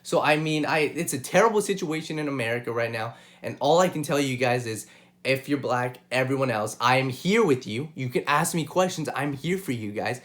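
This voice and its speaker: A man's voice: mid-range voice, lively intonation, a little fast, fairly bright tone. A young man hosting his own sports show, talking straight to viewers in an impassioned way and repeating points for emphasis. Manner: impassioned, repeats himself, addresses viewers directly. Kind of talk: solo sports commentary and opinion.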